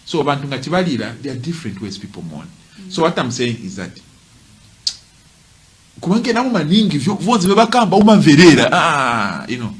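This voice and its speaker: Man, impassioned commentary, emphatic, animated pitch, a little high. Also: fairly quick. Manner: emphatic, repeats points, rhetorical asides. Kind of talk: impassioned commentary, mixing languages.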